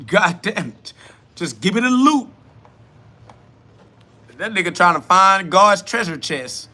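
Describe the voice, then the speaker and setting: A man's voice: high voice, very animated, slow, long pauses, pushed and bright. A man hosting a live solo podcast, reading chat questions aloud and answering them bluntly, mocking the askers and laughing often. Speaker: podcast host.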